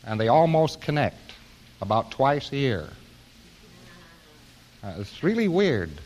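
A man's voice: mid-range voice, very animated, slow pace, a little mellow, a little hiss or hum. An American man giving an informal lecture to an audience, with a wry, joking, rambling delivery.

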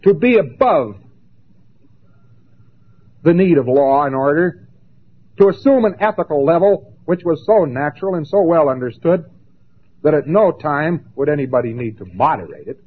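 A man giving a lecture, emphatic and dramatic, with long pauses and mocking asides. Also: on the high side, expressive, breathy edge. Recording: tinny lo-fi old recording.

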